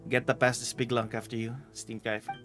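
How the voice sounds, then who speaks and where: A man's voice: medium pitch, little pitch movement, a little fast, a bit bright, faint music behind, lightly acted. A man reading game dialogue aloud, voicing a playful older woman treasure hunter with a bad back, in a teasing, bossy manner.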